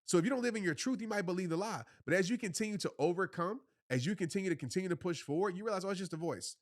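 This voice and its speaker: A man's voice: high voice, very fast, dry recording, studio quality. A man in his thirties, a motivational speaker giving earnest, casual answers to viewers on a live stream, repeating his points and calling them y'all.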